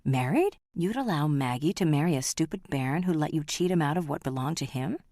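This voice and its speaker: A woman's voice: low voice, animated, brisk, mellow, dry recording, studio quality. A woman reading the part of a vengeful young Scottish man who talks harshly and mockingly. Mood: cold, harsh.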